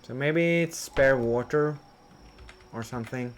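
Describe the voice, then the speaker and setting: A man's voice: medium pitch, measured pace, slight background noise. A man streaming a building game, rambling and questioning himself as he thinks aloud. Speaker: gameplay streamer. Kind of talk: casual gameplay commentary.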